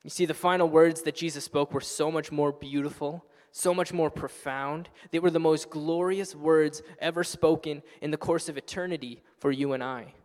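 A man preaching a sermon as pastor, earnest and passionate, building to loud exclamations. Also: fairly high pitch, fairly even intonation, moderate pace, hardly any pauses, long reverb tail. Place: church sanctuary.

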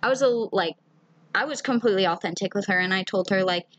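A woman's voice: medium pitch, quick pace, a bit bright, lo-fi sound, slight background noise. A woman in a mid-range voice chats on her podcast, open and heartfelt with frequent swearing. She reads listener messages and muses on being vulnerable, in an easy, unscripted way. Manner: candid and emotional, swears freely. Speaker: podcast co-host. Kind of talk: casual chat.

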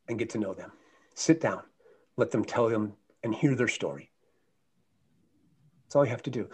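A middle-aged man from the United States, a guest speaker telling a motivational story with earnest, animated delivery. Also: fairly low pitch, fairly quick, husky. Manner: earnest, animated anecdote with shifting loudness.

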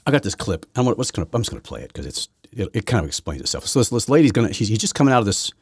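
A man hosting his own podcast from his basement, rambling through a political rant that swings from loud outbursts to low muttering, with many restarts. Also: sing-song, rapid-fire, breathy edge, no echo, studio quality. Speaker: podcast host. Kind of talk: solo political commentary rant. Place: home basement.

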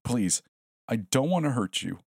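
A man voicing a frightened, tearful young college woman in a horror story, speaking in a higher, strained, pleading voice. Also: sing-song, a little slow, gravelly, husky, no room sound, studio quality, exaggerated voice.

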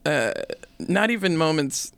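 A woman comedian guesting on a podcast, talking frankly with deadpan asides and laughter. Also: sits low, unhurried, no room sound. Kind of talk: casual chat.

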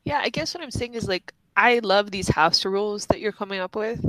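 A woman on a podcast, talking as a player in the game, thinking out loud in a casual discussion and laughing easily. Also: mid-range voice, brisk, no echo, low-quality recording.

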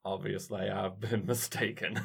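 A man's voice: on the low side, little pitch movement, a little slow, gravelly, fairly bright tone, husky. A man playing his character in a tabletop game, stammering and flustered through in-character lines. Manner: stammering, nervous in character, laughs. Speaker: player.

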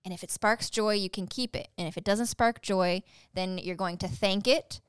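Chatty woman with a smooth, dry voice. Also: mid-range voice, moderate pace, no room sound. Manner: chatty, filler-heavy, teasing. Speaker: podcast co-host. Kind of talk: casual podcast banter.

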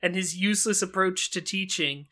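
Woman co-host, casual film chat, bright tone, animated, acts out quotes. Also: fairly low pitch, moderate pace. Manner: animated, quotes lines in put-on voices. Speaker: podcast co-host.

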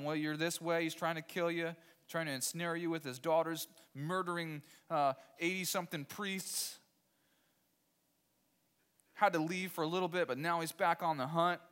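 A man's voice: a little high, fairly even intonation, normal speed, fairly bright tone, smooth. A man preaching a sermon as pastor, emphatic, repeating key phrases and putting rhetorical questions to his listeners.

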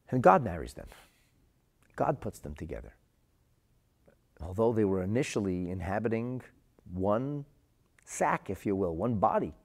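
A man's voice: fairly low pitch, a little mellow. A man giving a spoken religious lesson, telling stories earnestly and often repeating his words. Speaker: Torah teacher.

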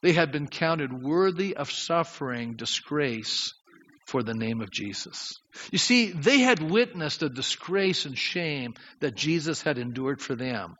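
A man preaching a sermon as pastor, lively and questioning his congregation. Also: fairly high pitch, unhurried. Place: church sanctuary. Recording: dull sound with long hall reverb.

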